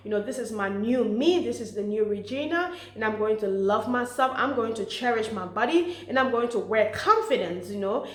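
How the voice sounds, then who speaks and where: A woman with a fairly high voice talks earnestly and warmly, giving encouraging advice to mothers. She leans on "you know" and "okay" as she goes. Her voice rings with the echo of the room around her. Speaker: motivational speaker for mothers. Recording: echoey room.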